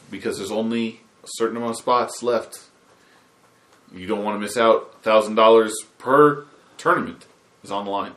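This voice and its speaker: A man's voice: medium pitch, a bit bright, echoey room. A man hosting a casual gaming podcast, chatting loosely and plugging the show. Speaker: podcast host.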